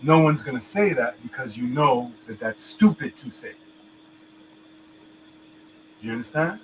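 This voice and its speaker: A man's voice: mid-range voice, lively intonation, measured pace, a little hiss or hum, poor audio. Emphatic man. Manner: loose and emphatic, with slang and many restarts. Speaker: co-host. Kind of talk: casual discussion.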